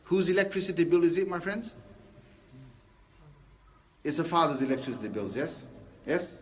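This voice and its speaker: High-voiced preacher. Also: male voice, moderate pace, slight background noise. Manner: lively and conversational, asking the crowd rhetorical questions. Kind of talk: Friday sermon.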